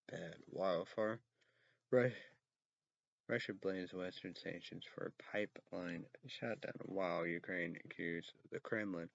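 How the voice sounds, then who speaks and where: A man reading news headlines aloud and ranting about them in a rambling, casual way, breaking into loud outbursts and cursing. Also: low-pitched, gravelly, dry recording, muffled recording. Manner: reads headlines slowly, then rants loudly with cursing.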